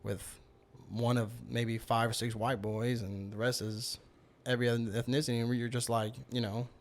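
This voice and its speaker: Speaking at a moderate pace in a level, medium-pitched voice, a man shares a long personal story as a podcast guest. The telling is casual and rambling, with lots of "you know" and "like".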